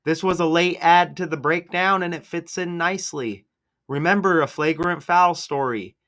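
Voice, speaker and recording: A man's voice: on the high side, moderate pace, fairly bright tone. A man hosting a casual video, commenting sarcastically over game footage and laying out number-cipher theories. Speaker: sports commentary video host.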